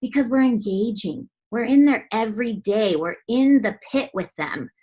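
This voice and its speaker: A young woman coach giving a blunt, lively motivational talk to her team, swearing often and mimicking others in quick asides. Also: a little high.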